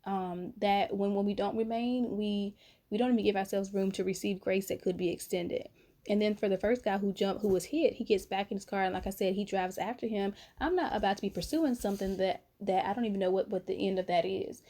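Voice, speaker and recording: A young adult vlogger from North Carolina, at home late at night, animatedly tells her viewers a story while calling them honey and baby. Her voice sits at medium pitch and moves fairly quickly.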